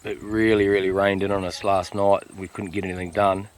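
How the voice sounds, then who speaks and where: A man talking to camera during a mountain hunt, relaxed and chatty, with plenty of ums and uhs, recorded outdoors on a steep slope. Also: deep voice, brisk, poor audio. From Australia. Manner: relaxed, chatty, lots of filler words. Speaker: hunter filming a hunt. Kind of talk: casual on-camera hunting vlog.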